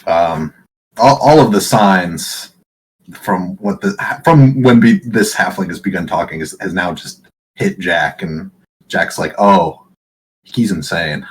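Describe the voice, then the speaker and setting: A man's voice: low-pitched, measured pace, slight background noise, rough recording. A man playing a tabletop game, describing his character's actions in a hesitant way with many fillers. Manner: hesitant, laughing, filler-heavy. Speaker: player.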